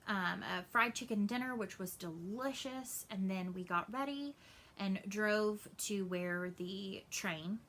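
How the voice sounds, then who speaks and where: A woman, chatting casually in a cross-stitch vlog update and telling stories with lively asides. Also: mid-range voice, slight background noise. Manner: animated storytelling, acts out family voices.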